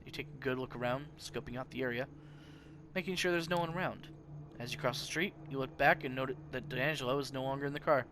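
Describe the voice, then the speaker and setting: Male let's-play host, middle voice, animated story narration, faint background noise. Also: medium pitch, quick pace. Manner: animated reading with big swings in loudness. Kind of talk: reading a game's narration aloud.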